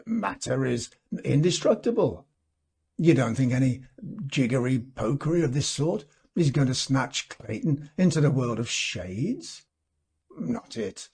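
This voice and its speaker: A man reading as a scoffing, sceptical gentleman. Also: medium pitch, big pitch swings, measured pace, creaky, husky, full character voice. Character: brisk, sceptical gentleman who mocks the danger.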